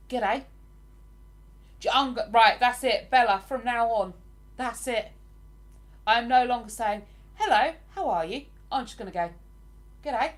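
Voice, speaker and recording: A woman with an English accent hosting a casual live stream, chatting and laughing easily as she greets viewers by name. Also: on the high side.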